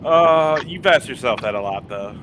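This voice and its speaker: A man's voice: medium pitch, animated, moderate pace, background noise. A man co-hosting a casual podcast, making wry, laid-back remarks. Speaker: podcast co-host. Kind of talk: casual chat.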